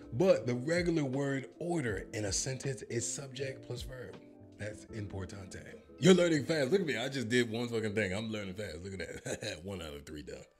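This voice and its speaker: Filming a comedic reaction vlog, a man jokes and swears as he tries out a language app, now and then bursting into a mock announcer voice. His voice is mid-range and slightly rough.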